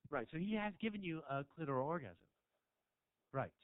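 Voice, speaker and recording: A man doing a stand-up set in a small club, teasing the crowd, swinging between low mutters and loud shouts. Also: lively intonation, fairly quick, dry recording. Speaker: stand-up comedian. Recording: dry, tinny phone-like sound.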